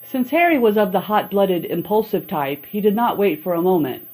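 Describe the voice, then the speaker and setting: A woman narrating an audiobook in a calm, steady storytelling voice. Her tone is mellow and soft-edged, at a middle pitch. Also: moderate pace, poor audio. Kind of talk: scripted narration.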